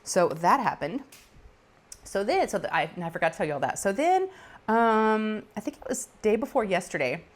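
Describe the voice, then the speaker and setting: A woman's voice: medium pitch, normal speed. A woman in her forties, telling stories in a casual chat and acting out the voices of callers. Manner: animated, acts out callers' voices, laughs often. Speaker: crafting channel host.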